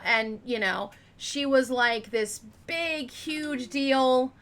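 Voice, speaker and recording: Telling a case for her true crime channel, a woman speaks extremely slowly with hardly any pauses, her high, slightly bright voice cracking a little. She's chatty and rambling, full of fillers and side remarks.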